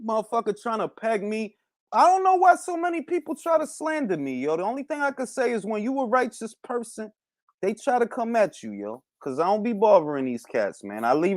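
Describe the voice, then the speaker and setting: A man's voice: high voice, darkish tone, no echo, studio quality. A man hosting a boxing talk podcast in a casual, profane rant full of street slang, slipping into Spanish phrases now and then. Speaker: podcast host.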